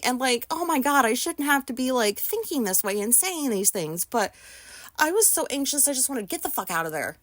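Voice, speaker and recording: A woman's voice: high voice, sing-song, fairly quick, no room sound, studio quality. A woman from the United States telling an anxious story in a casual vlog, rambling with lots of fillers and swearing. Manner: anxious retelling, voices others in quotes. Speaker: vlogger.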